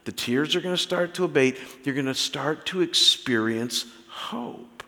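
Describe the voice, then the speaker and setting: A man in his fifties preaching a sermon, telling stories in an animated way with many restarts. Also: on the high side, unhurried, vocal fry, long reverb tail. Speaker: pastor.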